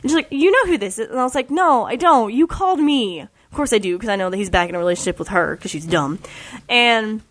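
A young woman telling a story in casual chat, animated and full of "like"s. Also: medium pitch, quick pace. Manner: chatty, animated, many "like"s.

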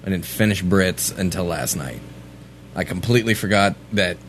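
A low-voiced man co-hosting a casual livestream, his delivery dry and deadpan with casual swearing. A faint noise sits under his voice. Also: normal speed. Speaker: stream co-host.

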